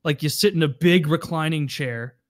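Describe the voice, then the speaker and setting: A man with a slightly raised voice chats loosely with friends, swearing freely and jumping into higher put-on voices to act out what others might say. His delivery is dry and close, with no room around it. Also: moderate pace, dry recording. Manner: animated, swearing, acts out quotes in a higher voice. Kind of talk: casual chat.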